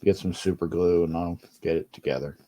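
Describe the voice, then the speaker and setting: A man's voice: sits low, fairly even intonation, a little fast, warm tone, highs cut off. Irritated man grumbling on a home livestream. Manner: grumbling, irritated, repeats and restarts phrases. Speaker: livestream host. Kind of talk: casual livestream chat.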